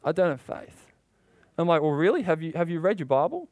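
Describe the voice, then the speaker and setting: Animated high-voiced male preacher. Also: a little fast, no room sound. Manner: impassioned, rising in pitch when worked up; asks rhetorical questions. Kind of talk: sermon.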